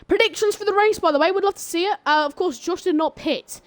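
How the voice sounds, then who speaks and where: A young woman commentating a live sim race on stream, grumbling between calls and bursting into excited shouts during battles. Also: extremely high pitch, fast, no room sound.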